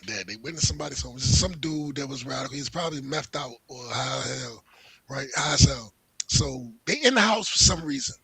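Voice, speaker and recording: A man co-hosting a livestream, telling profane stories in an animated way and laughing often. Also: medium pitch, a little fast, gravelly, husky, dry recording. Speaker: livestream co-host. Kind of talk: casual chat.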